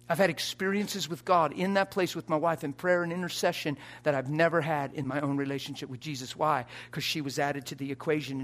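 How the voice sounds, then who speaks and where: A man preaching a sermon to a live audience in a church, emphatic, swinging from soft asides to loud exhortation and often laughing and urging the crowd on. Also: on the high side. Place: church or conference hall before a live audience.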